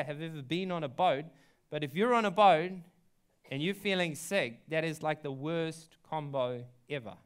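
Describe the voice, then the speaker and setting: Young guy preaching, telling a story all chatty with ums and likes, voice a bit high and crisp. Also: fairly bright tone. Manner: chatty, frequent ums and likes, laughs at his own story. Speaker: pastor. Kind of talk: storytelling sermon.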